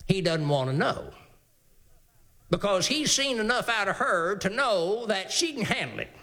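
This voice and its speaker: A man's voice: high voice, sing-song, a little slow, pushed and bright. A male preacher giving a folksy, emphatic sermon.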